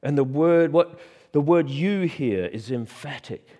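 A man's voice: a little high, animated, dark tone, long reverb tail. A man preaching a sermon in a church, stressing key words and asking repeated rhetorical questions. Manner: emphatic, with dramatic pauses and repeated rhetorical questions.

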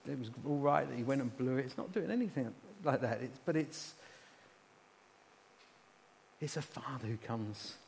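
A man's voice: medium pitch, normal speed, creaky, long pauses, a little mellow. A man preaching as a pastor, earnestly leading his congregation in call-and-response prayer. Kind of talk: sermon and closing prayer. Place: church hall. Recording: reverberant hall, faint hum.

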